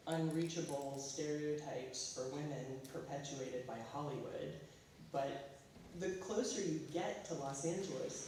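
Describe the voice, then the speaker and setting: Casual American woman speaker, halting delivery; distant mic, very echoey school hall. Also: low-pitched, warm tone, a little hiss or hum. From California. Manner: casual, halting, filler-heavy. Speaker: guest speaker, artist. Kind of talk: school talk.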